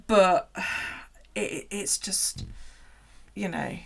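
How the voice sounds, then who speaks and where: Gravelly, chatty woman. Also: mid-range voice, drawn-out words, long pauses, a bit bright. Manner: chatty, swears freely, coos at her pets. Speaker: livestreamer. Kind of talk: casual livestream chat. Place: home.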